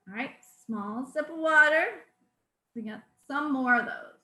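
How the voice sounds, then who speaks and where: A woman speech therapist calmly leading a class through voice exercises, explaining each drill and counting out the repetitions. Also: high-pitched, slow. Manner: calm, instructive, counts out drills. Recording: echoey room.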